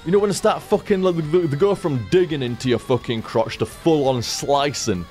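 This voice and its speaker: A man's voice: a little high, moderate pace, darkish tone, soft background music. A man, a streamer rambling casually after a stream and swearing constantly. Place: home room.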